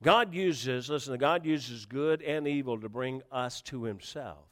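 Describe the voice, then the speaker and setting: A man preaching a sermon, animated and emphatic, with frequent repetitions and rising questions. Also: mid-range voice, measured pace, big-room sound. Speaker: pastor.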